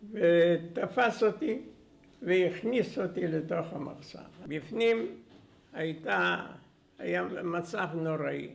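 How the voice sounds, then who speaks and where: An older man gives personal testimony in brisk storytelling with short pauses. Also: fairly high pitch, vocal fry. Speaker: interviewee recounting wartime memories.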